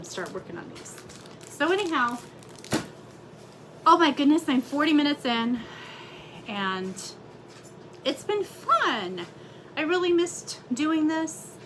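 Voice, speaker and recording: A woman's voice: fairly high pitch, a bit bright, slight background noise, rough recording. A middle-aged woman, chatting casually and rambling with lots of fillers as she shows her stitching projects from her craft room at home. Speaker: cross-stitch vlogger. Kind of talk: casual chat.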